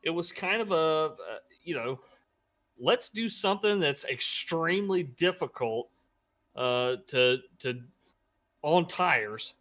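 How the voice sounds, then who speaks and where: A man's voice: a little high, animated, slow, fairly bright tone. Man, racing co-commentator, chatty, sarcastic asides. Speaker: co-host commentator. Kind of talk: sim racing broadcast commentary.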